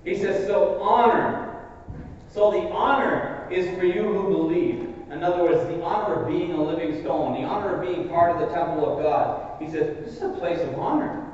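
A man preaching an expository sermon in a church sanctuary, earnest and building to emphatic peaks before dropping to quieter asides. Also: high-pitched, normal speed, a little hiss or hum. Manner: earnest, rises to emphatic peaks then drops to soft asides. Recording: distant echoey hall recording, dull.

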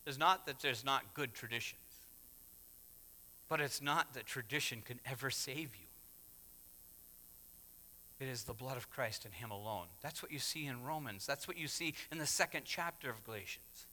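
A man preaching a sermon in an emphatic way, often rising to loud exhortation. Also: mid-range voice, normal speed, pauses often, big-room sound. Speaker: pastor.

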